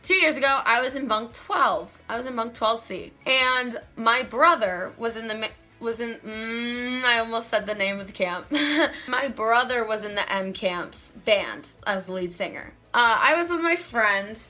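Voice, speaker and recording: Teen girl, storytime vlog, rambling and giggly, bright higher voice, faint music behind. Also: lively intonation, unhurried. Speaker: vlogger. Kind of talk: casual storytime.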